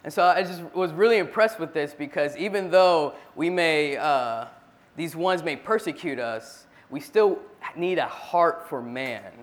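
A man's voice: a little high, lively intonation, measured pace. A man at a church meeting, earnestly retelling a Bible story in a casual sharing style, often restarting his sentences.

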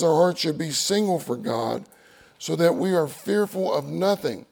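A man's voice: a little high, gravelly, darkish tone. A man preaching a sermon, reading outline points aloud and repeating key phrases for emphasis.

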